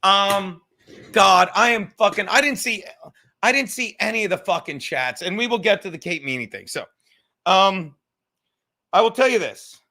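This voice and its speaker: High-voiced guy in his 30s ranting on his podcast from the couch, swearing a lot, all over the place, sharp bright tone. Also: animated, normal speed. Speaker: podcast host. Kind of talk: profane livestream rant. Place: home, sitting on his couch.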